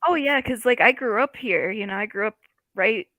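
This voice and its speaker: A woman's voice: a little high, moderate pace, a bit bright, no room sound. A woman from the US Midwest with a Midwestern accent, hosting a casual video-call chat. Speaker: host.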